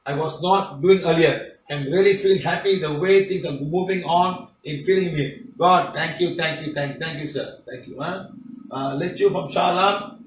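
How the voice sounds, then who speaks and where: A high-voiced man reads testimonials and comments on them, pressing his points with repeated "okay?" and "huh?". His voice is set back from the microphone in an echoing room, with a faint hiss of noise behind him. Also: far from the mic. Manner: emphatic, repetitive, tag questions like "okay?" and "huh?". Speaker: spiritual healing teacher. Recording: roomy, off-mic, faint background noise.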